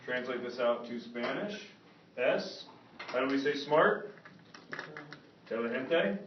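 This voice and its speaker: A man's voice: mid-range voice, takes it slowly, slight background noise. A man teaching a Spanish grammar lesson to a classroom and often asking if students follow. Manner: lively, checks understanding often. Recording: echoey classroom, far from mic, dull.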